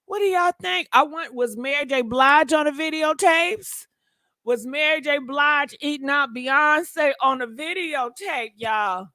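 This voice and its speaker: High, bright-voiced woman gossip host. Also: dry recording. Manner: dramatic, exclaiming, talks to viewers directly. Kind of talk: casual gossip commentary.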